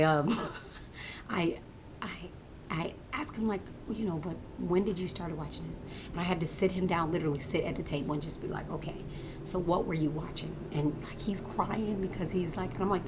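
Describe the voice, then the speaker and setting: A mother telling a story about her son in an animated, casual way, dropping to whispers for asides. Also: lowish voice, slight background noise.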